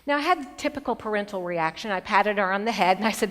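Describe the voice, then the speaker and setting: A middle-aged woman delivers a motivational keynote in a large conference hall, her medium-pitched voice trailing a long reverb. She tells stories expressively, leaning into bright emphasis and then dropping to hushed moments. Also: lively intonation, fairly quick, hardly any pauses. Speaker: keynote speaker. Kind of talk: motivational speech with storytelling.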